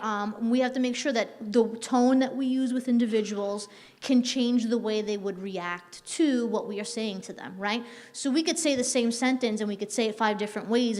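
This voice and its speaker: Woman trainer with a long reverb. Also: on the high side. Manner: conversational, checks in with "right?"; frequent "um" fillers and restarts. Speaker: staff trainer. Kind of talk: workplace training talk.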